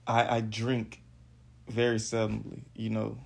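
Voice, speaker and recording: A man telling a personal story on his podcast, halting and repeating words. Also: fairly low pitch, completely flat delivery, vocal fry, darkish tone. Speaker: podcast host.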